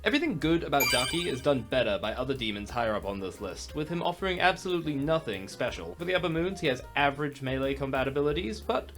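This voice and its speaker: A man's voice: medium pitch, animated, fast talker, hardly any pauses, music in the background. A young man with a New Zealand accent hosting a comedic tier-list commentary, sarcastic and jokey, swearing casually. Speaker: YouTube host.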